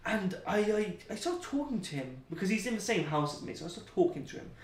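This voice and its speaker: A man's voice: high voice, very animated, fast. A young man, an interview guest, telling rambling, joking stories full of slang. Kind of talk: anecdotal storytelling. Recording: roomy, distant mic.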